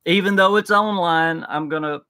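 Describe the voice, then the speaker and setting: A man's voice: on the high side, moderate pace, pushed and bright, dry recording. A man co-hosting a live reaction stream, talking in an enthusiastic, rambling way with frequent restarts. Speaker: livestream co-host. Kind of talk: casual live reaction chat.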